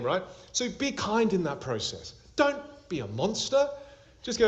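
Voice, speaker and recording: A lively man coaching a class over a video call, his pitch swinging up and down as he acts out little scenes. The audio is dull and lo-fi, like a cheap call connection. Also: a little slow. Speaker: public speaking coach. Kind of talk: interactive online class.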